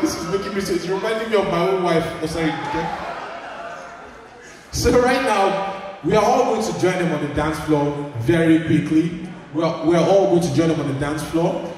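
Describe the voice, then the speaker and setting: A man, emceeing a party and joking with the crowd, often shouting. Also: fairly high pitch, recorded from a distance. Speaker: event MC. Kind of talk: party hosting on a mic. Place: indoor party room. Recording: echoey hall, mic heard from afar, music behind.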